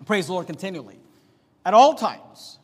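High-voiced man preaching in a reverberant hall. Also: big pitch swings, moderate pace, husky. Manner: emphatic preaching, swings from quiet to loud. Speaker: pastor. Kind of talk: sermon.

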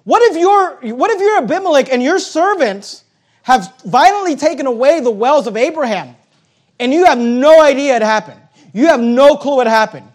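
High-voiced animated preacher man. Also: normal speed. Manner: animated preaching with acted-out dialogue and rising emphasis; blunt, joking asides. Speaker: pastor. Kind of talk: sermon.

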